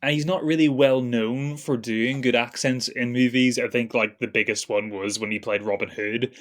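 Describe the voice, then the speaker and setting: A man's voice: mid-range voice, steady tone, moderate pace. A man co-hosting a podcast, chatting casually about a film with a laugh here and there. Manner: chatty, laughs between points. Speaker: podcast co-host. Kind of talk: casual film review chat.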